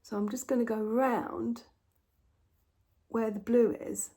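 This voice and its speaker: Chatty, mellow woman. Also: on the high side, steady tone, takes it slowly. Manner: chatty, talks to her pets. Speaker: embroidery vlogger. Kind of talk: casual chat while stitching. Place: home.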